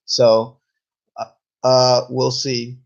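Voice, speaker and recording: A man giving a casual, rambling review of a TV episode in a laid-back way, swearing now and then and slowed by hiccups. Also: mid-range voice, monotone, lo-fi sound. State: has hiccups. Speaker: TV show reviewer.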